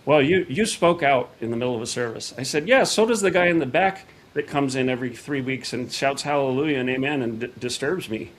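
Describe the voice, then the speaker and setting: A man's voice: mid-range voice, a little fast, hardly any pauses, slight background noise. Man telling a story with quoted dialogue. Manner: animated retelling with quoted dialogue. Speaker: podcast guest. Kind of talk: casual storytelling.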